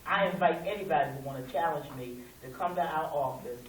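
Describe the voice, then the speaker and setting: A woman's voice: deep voice, fast talker, a crowd in the background. A middle-aged woman, a local civil rights chapter president, telling stories in a conversational, folksy way at a community meeting and acting out quoted dialogue. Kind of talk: storytelling talk at a community meeting. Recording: echoey room, speaker far from the mic, faint hiss.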